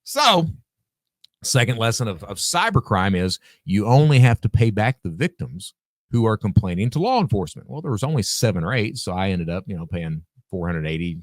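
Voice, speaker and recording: A man with a low voice tells a story on a podcast, his pitch rising and falling in a lively way. He acts out the dialogue and swears freely. The recording is dry and close to the mic. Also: fairly quick, no room sound. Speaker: podcast guest. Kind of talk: casual storytelling.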